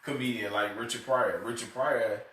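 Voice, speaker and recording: A man's voice: mid-range voice, steady tone, normal speed, fairly bright tone, distant mic, slight background noise. A man in casual conversation, laid-back and slangy, laughing often as he tells stories. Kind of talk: casual chat. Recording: roomy echo from off-mic.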